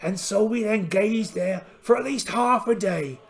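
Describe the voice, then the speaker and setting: A man voicing a cheerful, blustering one-eyed pirate captain, narrating a solo tabletop game in character with theatrical, exclaiming delivery and a gravelly voice. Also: sits high, a little slow. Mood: storytelling.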